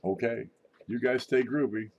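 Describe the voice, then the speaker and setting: A man's voice: medium pitch, moderate pace, a little mellow, highs cut off. A middle-aged man hosting his own channel, rambling and joking in a casual monologue. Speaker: channel host.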